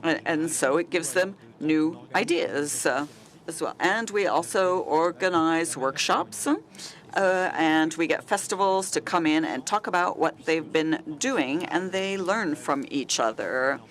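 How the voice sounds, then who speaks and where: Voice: mid-range voice, takes it slowly, fairly bright tone. A panelist from a regional festival association speaking at a conference panel, hesitant, with many fillers and restarts.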